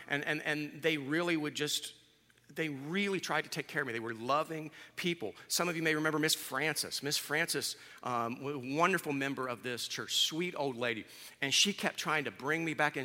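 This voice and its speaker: Man in his 50s preaching, chatty and candid, real bright voice, big church echo. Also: fairly high pitch. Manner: candid, conversational, self-deprecating. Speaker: pastor. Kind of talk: sermon. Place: church sanctuary.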